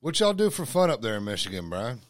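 A man's voice: medium pitch, very animated, fast talker. A talkative man, co-hosting a podcast and teasing his guest. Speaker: podcast co-host. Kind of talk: casual podcast chat.

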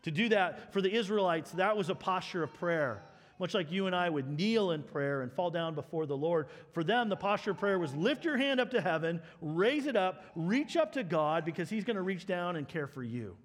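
Earnest preacher in a reverberant hall. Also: male voice, high voice, animated, normal speed. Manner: earnest, swings from loud impassioned to soft and hushed. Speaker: pastor. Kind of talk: sermon. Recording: long reverb of a large hall.

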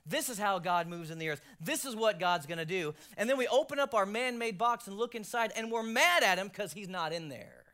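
A male pastor preaching a sermon, swinging from loud emphasis to hushed near-whispers, with jokey self-deprecating asides. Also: sits high, expressive, brisk, hardly any pauses.

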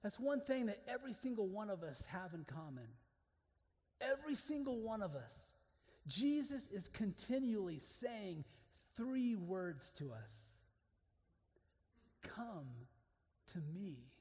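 Earnest high-voiced preacher in reverberant hall. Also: male voice, very animated, unhurried. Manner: earnest, swinging from hushed to emphatic. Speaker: preacher speaking to men. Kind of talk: sermon.

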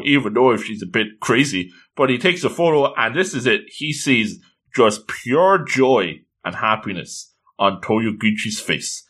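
A man's voice: mid-range voice, lively intonation, measured pace, fairly bright tone. A man casually recapping a story with playful, jokey asides.

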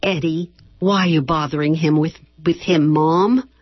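A woman reading aloud and voicing a college-age daughter who talks quickly and insistently on the phone. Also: deep voice, fairly even intonation, breathy edge, no room sound, muffled recording. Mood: eager, impatient.

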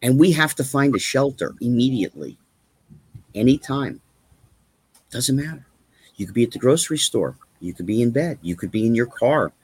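Husky man talking emphatically. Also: medium pitch, animated, moderate pace, pauses often, darkish tone. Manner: emphatic, repetitive, rhetorical questions. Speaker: guest. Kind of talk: casual chat.

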